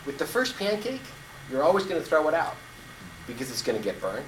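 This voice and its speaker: A man in his fifties giving a storytelling speech to his club, slow and vivid with deliberate pauses. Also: a little high, huge pitch swings, a little hiss or hum. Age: 50s. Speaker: club speaker. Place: meeting room. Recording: echoey room, distant mic.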